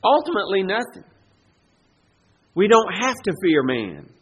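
A middle-aged man preaching a sermon as pastor, his voice high-pitched and bright. He is emphatic, repeating key phrases. He slows down to hammer home commands. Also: big pitch swings.

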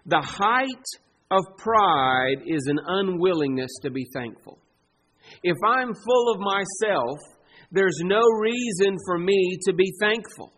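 Slow, high-voiced preaching man. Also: lively intonation, fairly bright tone. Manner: slow, emphatic preaching with drawn-out stresses. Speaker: pastor. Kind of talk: sermon.

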